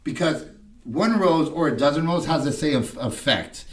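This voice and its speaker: A man's voice: fairly high pitch, expressive, moderate pace, roomy sound, far from the mic. A man in recovery telling a personal story in a casual podcast chat, acting out what people said and often asking "you know what I mean".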